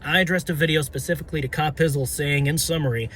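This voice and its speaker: High-voiced young man ranting loudly. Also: fast talker, hardly any pauses, slight background noise. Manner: excitable, profane, shouting, stumbling over words. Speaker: sports fan vlogger. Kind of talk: ranting fan commentary.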